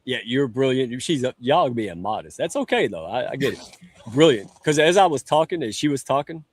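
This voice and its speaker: A man's voice: medium pitch, lively intonation, a little fast, slightly rough, no echo. A man hosting a live online show, chatty and joking in a folksy way. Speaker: talk show host. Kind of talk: lively livestream hosting. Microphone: live stream setup.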